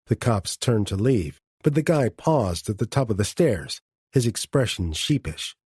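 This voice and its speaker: Low husky guy reading an audiobook, dry and close, steady measured reading. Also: no echo. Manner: measured, first-person reading. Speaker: audiobook narrator. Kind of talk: scripted narration.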